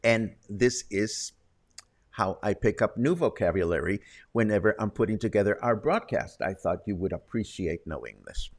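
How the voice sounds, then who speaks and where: A man's voice: on the low side, expressive, normal speed. A man hosting a casual local news and weather roundup, chatty, with wry asides. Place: Puerto Vallarta, Mexico.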